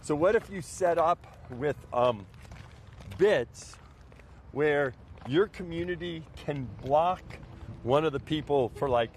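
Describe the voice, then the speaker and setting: A man's voice: a little high, slow, darkish tone, a little hiss or hum. A man from New Orleans, a podcast guest in casual chat, explaining his ideas at length.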